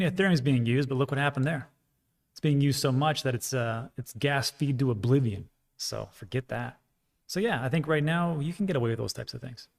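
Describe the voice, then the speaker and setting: A man with a gravelly, creaky voice hosts a casual livestream and talks in a rambling, frank way. He drifts through fillers and restarts as he answers viewer comments, mid-pitched and easygoing. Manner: rambling, frank, self-deprecating, with frequent fillers. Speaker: crypto livestream host.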